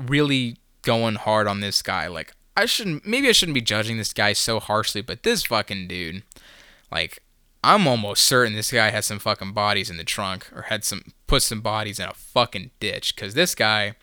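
A man's voice: medium pitch, sharp tone, clear, resonant tone, dry recording, studio quality. A young man hosting a solo podcast, telling a rambling, profane, self-mocking story in casual chat.

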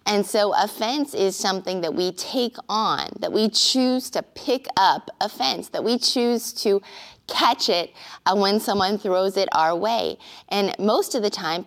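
A woman pastor giving an earnest, conversational sermon-style teaching with occasional filler pauses. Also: medium pitch.

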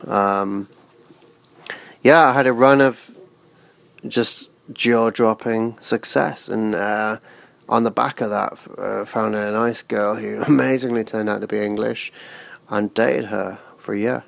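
A man talking as an interview guest, halting and restarting words, crude and frank. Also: on the low side, steady tone, vocal fry, fairly bright tone, no echo. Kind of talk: casual interview chat.

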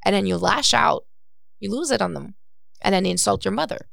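A young woman co-hosting a podcast in casual chat, telling animated stories and reading messages aloud. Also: mid-range voice, a little fast, vocal fry, no room sound, clean studio sound. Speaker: podcast co-host.

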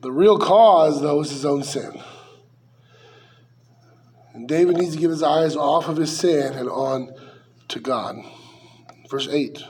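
Guy with a pretty high voice teaching through a psalm, chatty, asks the crowd questions, dry little jokes. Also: slow pace, long pauses, darkish tone. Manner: conversational, with rhetorical questions and dry asides. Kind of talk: verse-by-verse sermon.

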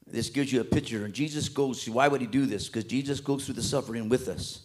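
A man preaching a sermon with passion, swinging between loud emphatic peaks and hushed soft passages, in colloquial everyday speech. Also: medium pitch, a little fast. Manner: colloquial, with repetitions and restarts.

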